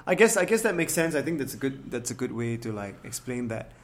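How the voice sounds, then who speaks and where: A man's voice: mid-range voice, very animated, a little fast. A man from Singapore with a Singaporean English accent, talking casually and thoughtfully, often repeating words as he searches for them. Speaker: rapper and podcast guest. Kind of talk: casual chat.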